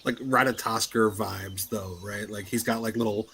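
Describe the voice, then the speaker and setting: A man's voice: fairly low pitch, steady tone, normal speed, sharp tone, slight background noise. A man playing a tabletop game over a voice call, easygoing and joking. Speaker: player. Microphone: online voice call mic.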